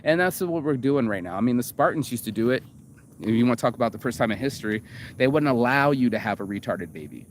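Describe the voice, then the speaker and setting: A man of middle pitch talks off the cuff in a loose, rambling monologue. He swears freely and trips over fillers and restarts. A faint hiss runs underneath. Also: lively intonation, quick pace. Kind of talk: casual monologue reacting to a video.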